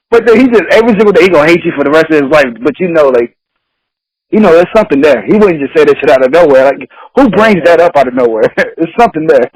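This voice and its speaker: A man's voice: fairly high pitch, expressive, a little fast, dry recording, poor audio. A man talking on a casual podcast. He laughs often, swears freely and acts out the people in his stories. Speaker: podcast host.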